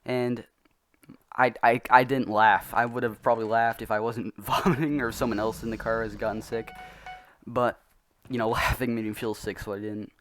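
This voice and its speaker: A man's voice: medium pitch, level tone, moderate pace, fairly bright tone. A young man telling a story in a casual, rambling, self-mocking way, often laughing as he goes. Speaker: vlogger.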